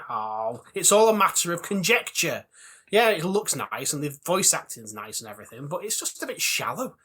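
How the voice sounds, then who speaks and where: A man's voice: a little high, very animated, moderate pace, bright, forceful tone, husky. A man co-hosting a crude comedy podcast, playful, swearing and laughing often. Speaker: podcast co-host.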